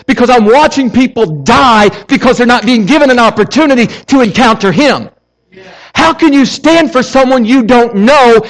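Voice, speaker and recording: High-voiced passionate male preacher. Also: poor audio. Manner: passionate, conversational preaching with casual asides. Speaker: pastor. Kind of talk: sermon.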